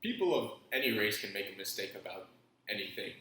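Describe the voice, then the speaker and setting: A man's voice: on the low side, expressive, a little fast, pushed and bright, slight background noise. A man of about twenty from Nigeria, speaking as a podcast guest in a jokey, put-on Scottish accent. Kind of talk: casual podcast chat. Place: college house room. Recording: echoey room, far from the mic.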